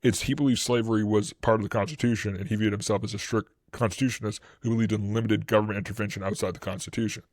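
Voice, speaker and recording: A man's voice: lowish voice, rapid-fire, hardly any pauses, no room sound, studio quality. A man with a Boston accent, co-hosting a history podcast and explaining events casually, with many fillers and restarts. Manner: rambling with many fillers and restarts, animated when quoting.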